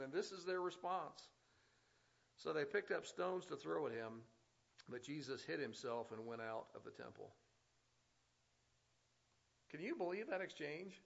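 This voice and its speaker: A man's voice: fairly high pitch, moderate pace, vocal fry. A man preaching a sermon who reads scripture aloud and then comments on it with rising intensity. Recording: slightly dull, lo-fi sound.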